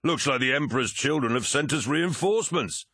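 A man voicing a fierce, brutal male warrior captain who barks his words loudly and scornfully. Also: on the low side, sing-song, normal speed, no room sound, studio quality, pitched above the performer's own voice, exaggerated voice. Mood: mocking. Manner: loud, barking, scornful.

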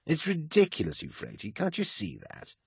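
A man's voice: a little high, wildly swooping pitch, moderate pace, creaky, husky, dry recording, studio quality, voice pushed up, full character voice. A man voicing a sardonic, gloomy male poet who argues with sarcasm. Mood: scornful. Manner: sarcastic, argumentative.

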